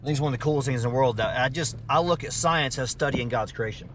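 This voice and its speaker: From inside his Jeep, an off-road vlogger narrates his drive in a casual, folksy way. His voice is medium-pitched and fairly bright, and he talks quickly. Engine and road noise carry on behind him.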